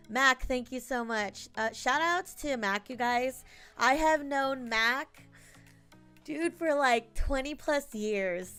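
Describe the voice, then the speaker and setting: A woman's voice: on the high side, fairly bright tone, clean tone. A woman streamer chatting casually with her live chat, laughing often and thanking viewers by name.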